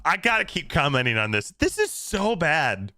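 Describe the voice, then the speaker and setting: Bright-voiced animated male streamer. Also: on the high side, normal speed, soft background music. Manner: animated, mock-pleading, jokey. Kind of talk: reacting to a game trailer.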